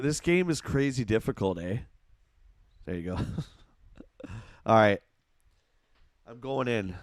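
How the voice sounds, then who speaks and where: A man's voice: medium pitch, a little mellow, dry recording, studio quality. A middle-aged Canadian man with an Ontario accent, chatting casually on a live game stream, reading out chat and reacting to play. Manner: chatty, reads chat aloud, reacts to gameplay.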